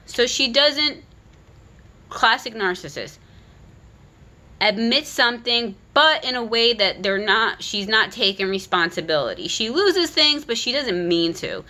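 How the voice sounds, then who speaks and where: A woman giving an animated, critical retelling of a children's book, talking casually with frequent restarts. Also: fairly high pitch, a little slow. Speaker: content creator.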